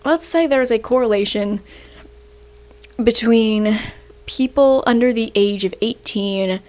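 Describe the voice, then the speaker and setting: A young woman with a slightly high voice talks in a loose, chatty way and keeps tagging her points with "right?". She has the hiccups as she explains, and she sounds like a student ranting to the camera. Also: slow pace, a little mellow. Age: young adult. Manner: chatty, tags sentences with "right?". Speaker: university student. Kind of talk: casual explainer rant.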